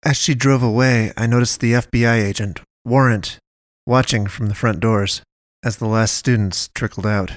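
Guy narrating a spooky story, steady, mid pitch, dead dry recording. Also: moderate pace, no room sound. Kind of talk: first-person story reading.

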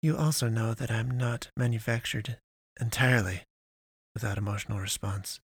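A man reading the part of an earnest android woman pastor, grave and measured in her appeals. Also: mid-range voice, breathy edge, dry recording, studio quality. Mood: wounded.

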